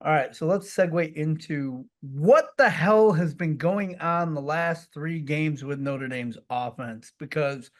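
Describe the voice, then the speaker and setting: A man co-hosting a relaxed sports podcast, with a voice a little high for a man. He talks conversationally and moves the discussion from topic to topic. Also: a little slow, hardly any pauses. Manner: conversational, steers the topic, laughs easily. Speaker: podcast co-host. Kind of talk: casual sports talk.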